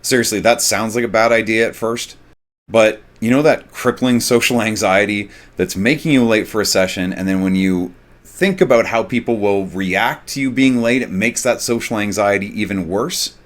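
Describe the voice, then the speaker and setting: A man with a somewhat low voice talks through tabletop roleplaying advice. He explains things casually and steadily, with the occasional filler word. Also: moderate pace. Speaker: tabletop gaming advice host. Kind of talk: conversational advice monologue.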